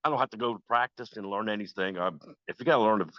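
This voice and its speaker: A man's voice: fairly low pitch, very fast, dry recording. A man in his sixties, a guest guitarist telling stories in a casual chat and acting out the voices he quotes. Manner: animated, acts out quoted voices. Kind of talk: casual storytelling. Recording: dull lo-fi, dry.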